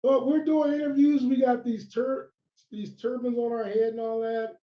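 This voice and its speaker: A man with a high voice rambles through old wrestling stories, breaking off and restarting as he acts out conversations. The sound is roomy and dull, like a lo-fi recording. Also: flat delivery, moderate pace. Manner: rambling, full of restarts and acted-out quotes. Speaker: former pro wrestler, interview guest. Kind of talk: casual storytelling interview.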